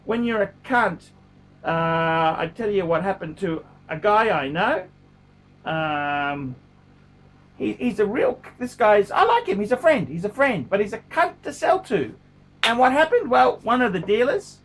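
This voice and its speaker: High-voiced man, middle-aged, blunt and sweary, repeats himself, casual vlog. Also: sing-song, unhurried, fairly bright tone. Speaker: watch collector vlogger. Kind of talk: casual talking-to-camera vlog.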